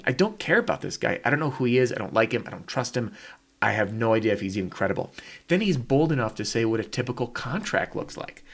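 A man hosting a podcast and teaching with casual, emphatic talk, often asking rhetorical questions and adding "right?". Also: medium pitch. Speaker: podcast host and copywriter.

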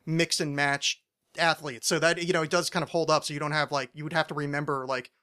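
A young man chatting on a podcast, his voice a little high and very bright. He rambles, jokes and restarts his sentences often while talking about a TV show. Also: level tone, a little fast. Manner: rambling, joking, many restarts. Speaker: podcast co-host. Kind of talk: casual chat about a TV show.

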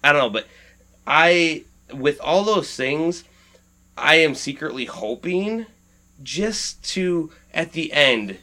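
A man's voice: a little high, expressive, slow pace, pushed and bright. A man in casual podcast chat, rambling with many restarts and frequent swearing.

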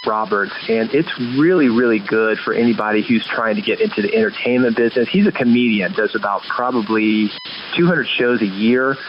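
A man with a fairly low voice leaves a friendly recorded message for a podcast. The sound is dull and lo-fi, with faint hiss underneath. He speaks in a relaxed, recommending way. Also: a little fast. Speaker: caller leaving a voicemail.

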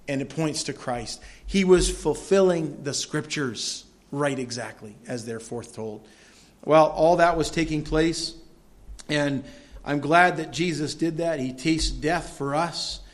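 A church pastor with a mid-range voice preaches a sermon earnestly, his voice swelling loud whenever he reads scripture.

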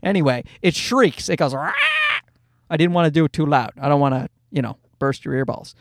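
A middle-aged man doing a stand-up comedy routine, telling an exasperated story about his kids with loud acted-out asides. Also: on the high side, quick pace, background noise.

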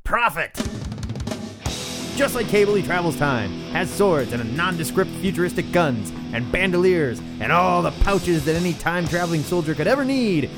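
A man's voice: high-pitched, expressive, a little fast, few pauses, over music. A man co-hosting a casual comics podcast, laughing often and telling stories with animation. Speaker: podcast co-host.

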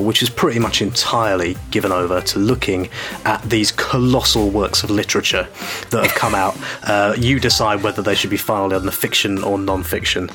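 A man's voice: lowish voice, pushed and bright. A young man co-hosting an environmental podcast, jokey and enthusiastic, laughing often. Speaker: podcast co-host. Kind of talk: casual chat.

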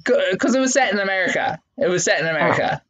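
A woman's voice: medium pitch, expressive, fast talker, a bit bright, muffled recording. A young woman co-hosting a podcast, chatting casually with lots of giggling and restarts. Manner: giggly, rambling with many restarts. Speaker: podcast co-host. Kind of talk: casual chat.

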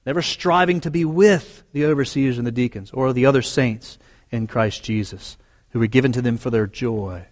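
A man's voice: mid-range voice, normal speed. A man preaching a sermon as pastor, earnest and emphatic, repeating key phrases for weight. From United States.

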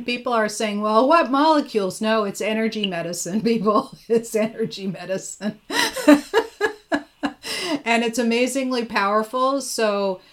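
A woman hosting a casual live interview, chatty and enthusiastic, often laughing. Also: medium pitch. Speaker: host.

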